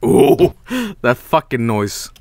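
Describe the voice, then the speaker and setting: A man's voice: mid-range voice, slow pace, a little mellow, clear, resonant tone, no echo. A young man streaming, chatting casually and rambling, with lots of swearing and chuckles.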